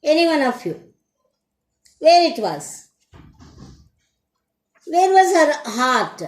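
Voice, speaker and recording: A woman teacher with an Indian English accent leads an English lesson in a high voice, moving slowly and deliberately. She keeps putting questions to her students. The recording sounds echoey, as if made in a bare room. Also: sing-song. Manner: slow, deliberate, asks the class questions.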